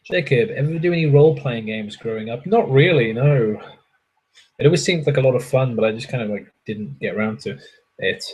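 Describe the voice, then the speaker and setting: Young guy, husky and rambling, mid-pitched, swears a lot and answers viewer chat from a hotel room. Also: fairly quick, a little mellow, rough recording. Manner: rambling, swears freely, self-mocking. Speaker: livestream host answering chat. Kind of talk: casual chat.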